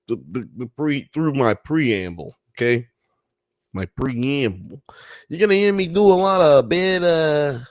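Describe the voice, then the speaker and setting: A young man talking unhurriedly in a loose, meandering way, cursing freely and using sound effects to explain things. He sounds like a casual livestream host at his desk mic, recorded dry and close with no room echo. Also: high-pitched. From Alabama, US South.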